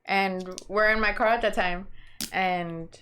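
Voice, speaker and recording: A woman's voice: mid-range voice, fairly even intonation, unhurried, sharp tone, a little hiss or hum. A young woman co-hosting a podcast, telling a story in casual chat with lots of swearing and "dude". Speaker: podcast co-host.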